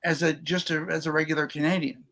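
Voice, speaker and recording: A man co-hosting a comedy podcast, telling relaxed stories in casual chat. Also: fairly high pitch, fast talker. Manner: relaxed anecdotal storytelling. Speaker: podcast co-host.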